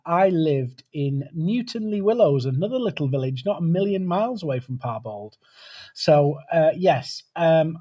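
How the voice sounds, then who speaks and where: Male webcast host, slightly high voice, casual and chatty. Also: darkish tone, dull audio. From United Kingdom. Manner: chatty, greets viewers by name. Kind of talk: live webcast chat.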